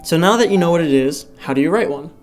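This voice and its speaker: A man reading a school presentation from a script in a steady voice. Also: a little high, fast talker. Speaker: student presenter. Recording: soft guitar music behind.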